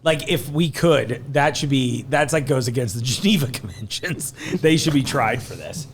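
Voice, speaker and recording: Indoors in a store, a man hosts a casual podcast, taste-testing snacks with friends and joking around in an animated way with silly voices. His voice is medium-pitched at normal speed, with a little hiss or hum in the recording.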